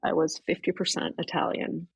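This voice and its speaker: A woman's voice: lowish voice, moderate pace, creaky, husky, no room sound, rough recording. A woman, a podcast guest, earnestly retelling an emotional personal story and voicing her own past thoughts. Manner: earnest, animated retelling with quoted inner thoughts.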